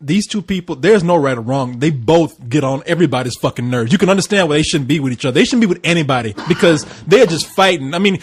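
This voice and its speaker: Animated, swearing male podcast co-host. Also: fairly high pitch, quick pace, hardly any pauses, husky. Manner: animated, profane, acts out scenes. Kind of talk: casual film review chat.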